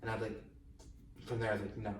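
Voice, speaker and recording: A man's voice: fairly low pitch, completely flat delivery, fast. A young man co-hosting a podcast in casual chat, teasing and blunt with plenty of slang. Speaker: podcast co-host. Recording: roomy echo, far from mic, faint noise.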